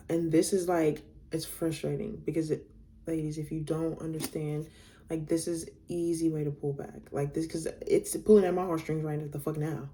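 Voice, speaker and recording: A woman's voice: sits low, little pitch movement, normal speed, mellow. A young woman casually telling a storytime to her viewers, reading out text messages, candid and blunt, swearing freely.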